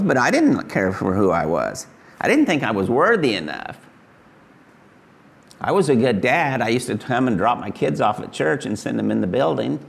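An older man from Kansas, giving an earnest, folksy testimony sermon as a pastor. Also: gravelly. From Kansas, USA. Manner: earnest, folksy, rises high when voicing Jesus.

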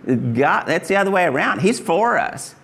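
Gravelly older Kansas preacher. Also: male voice, very animated, moderate pace, a bit bright. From Kansas, USA. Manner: earnest, folksy, rises high when voicing Jesus. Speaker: pastor. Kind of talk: testimony sermon.

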